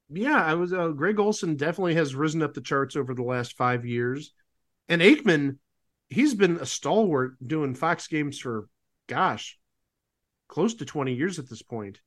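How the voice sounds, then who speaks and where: Male podcast co-host, slightly high voice, opinionated and sarcastic, casual chat.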